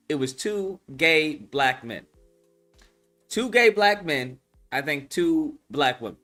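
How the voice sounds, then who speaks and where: A man giving casual commentary, animated and profane, repeating his points. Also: on the high side. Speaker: online commentator.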